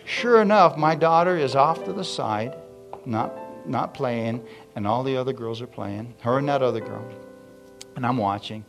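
A middle-aged man preaching with an animated, storytelling manner, his voice sitting at an ordinary middle pitch. He keeps calling out to the congregation between stories, while a guitar plays softly behind him. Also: normal speed, vocal fry. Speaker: pastor. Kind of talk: sermon storytelling.

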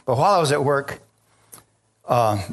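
A man with a medium-pitched voice speaks at a moderate pace, preaching a sermon in which he tells the story of his own conversion. He's an animated storyteller, calling out to the congregation as he gives his testimony.

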